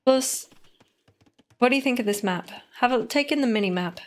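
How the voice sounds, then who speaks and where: Female streamer-caster, slightly high voice, playful live commentary. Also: animated, normal speed. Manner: playful, teasing, giggly.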